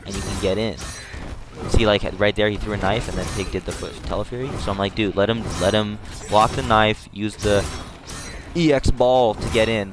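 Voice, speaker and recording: A male streamer talks through replays in a relaxed, slangy way, his voice sitting on the low side. At tense moments he jumps up into excited shouts. Music plays clearly behind him. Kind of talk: casual live commentary over replays.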